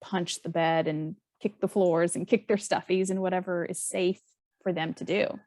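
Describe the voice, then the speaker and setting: A woman's voice: lowish voice, fairly even intonation, normal speed, a little mellow, no room sound, studio quality. A woman guest on a podcast, chatting casually and thinking aloud as she talks. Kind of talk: casual chat.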